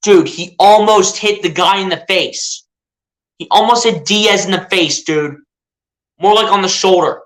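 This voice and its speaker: A young man giving casual fan play-by-play of a baseball game, excitable and pleading with the players. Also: high voice, measured pace. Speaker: fan streaming live play-by-play.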